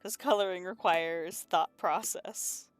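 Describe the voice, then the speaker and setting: A woman's voice: fairly low pitch, takes it slowly, dry recording, faint music behind. A woman streaming from her room at home, chatting casually and rambling while she works on comics, laughing often and swearing now and then. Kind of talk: casual chat while drawing.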